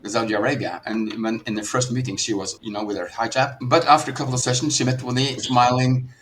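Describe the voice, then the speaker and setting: A man's voice: medium pitch, fairly even intonation, fast, fairly bright tone, slight background noise. Earnest Norwegian man coaching. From Norway. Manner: earnest, repeats words when starting thoughts. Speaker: business coach. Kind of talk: podcast conversation.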